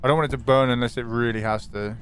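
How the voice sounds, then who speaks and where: A man's voice: medium pitch, fast, over music. Swearing man streaming a game. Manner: animated, swearing, greets chat by name. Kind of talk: live gaming stream commentary.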